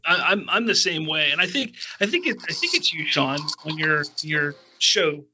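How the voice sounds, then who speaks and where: A man's voice: fairly high pitch, big pitch swings, normal speed, dull audio, noisy background. A man hosting a podcast, talking earnestly and from the heart, stammering through restarts. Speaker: podcast host. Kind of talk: casual chat.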